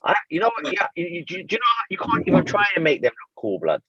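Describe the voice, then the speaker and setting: Animated man telling a story. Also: a little high, fast talker, dull audio. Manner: animated, self-mocking slang-heavy storytelling. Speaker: podcast co-host. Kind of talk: casual storytelling chat.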